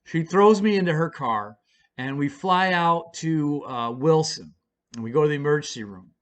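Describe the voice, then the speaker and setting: A man's voice: on the high side, lively intonation, normal speed. A man casually telling a story, rambling and swearing freely with lots of fillers. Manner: rambling and profane, with many fillers. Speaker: storyteller vlogger.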